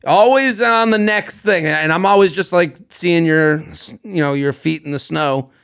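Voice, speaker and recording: A man's voice: a little high, a little slow, a bit bright, clean tone. A man co-hosting a podcast, a stand-up comedian who talks in a joking, rambling way and slips into silly bits. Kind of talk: casual podcast chat.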